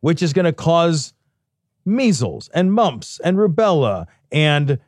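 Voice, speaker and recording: A man's voice: a little high, very animated, slow, a little mellow, no echo, studio quality. A man co-hosting a podcast in casual chat, ranting emphatically and with profanity.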